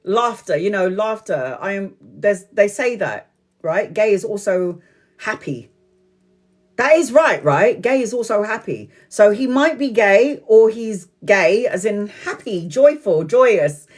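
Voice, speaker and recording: A woman's voice: mid-range voice, animated, unhurried, darkish tone. A woman doing a live tarot reading, chatting and often laughing while she talks, now and then stretching out phrases for emphasis. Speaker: tarot reader.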